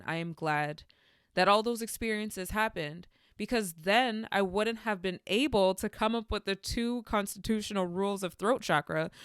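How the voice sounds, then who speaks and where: Young woman doing a solo podcast, smooth clear voice, dry close sound, candid and chatty. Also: mid-range voice, no room sound. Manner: candid, animated storytelling with spiritual musings. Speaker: podcast host. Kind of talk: reflective solo podcast monologue.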